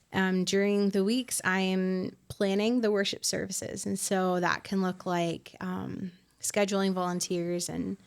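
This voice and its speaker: A woman in her twenties, a worship pastor being interviewed on a podcast, talking in a reflective, soft-spoken way with many fillers. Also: medium pitch, clean tone. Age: 20s.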